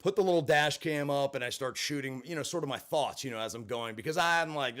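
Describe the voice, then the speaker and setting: A man hosting a livestream, telling a story in a casual, blunt and profane way, swinging from flat to heated. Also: mid-range voice, brisk, few pauses. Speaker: livestream host.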